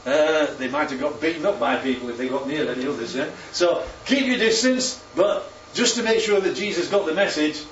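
A man's voice: a little high, fast, hardly any pauses, slight background noise. A man preaching a sermon, often putting questions to his congregation and repeating the answers back. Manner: interactive, asks the congregation questions. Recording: roomy, distant, muffled hall recording.

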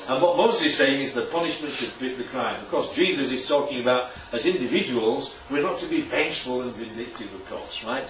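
A man's voice: mid-range voice, lively intonation, a little fast, few pauses, fairly bright tone, slight background noise. A man preaching a sermon in a conversational way, often checking in with rhetorical questions. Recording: distant, echoey room, dull sound.

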